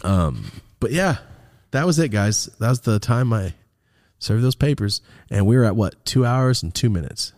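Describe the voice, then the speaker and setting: A young man hosting a casual podcast, telling a story with lots of swearing. His pitch swings widely as he acts out the other people in it, sliding up high and then dropping low again. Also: normal speed, no room sound, studio quality. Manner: animated, profane, acts out voices in his stories. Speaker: podcast host.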